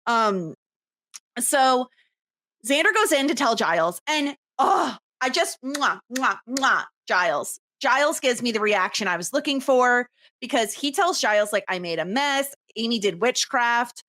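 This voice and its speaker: A woman's voice: on the high side, measured pace. A woman co-hosting a podcast, recapping scenes in casual chat with frequent laughter. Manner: animated, laughs often while recapping. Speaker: podcast co-host.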